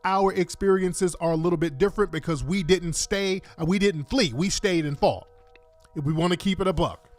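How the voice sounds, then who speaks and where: Male radio host, emphatic and repetitive, slightly high voice, faint music behind. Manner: emphatic, repetitive, addresses listeners directly. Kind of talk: heated political commentary.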